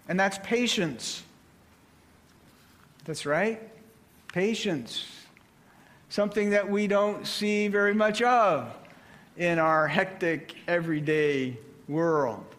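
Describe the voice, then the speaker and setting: A man preaching a sermon, with a slow, deliberate delivery and measured pauses. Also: high voice.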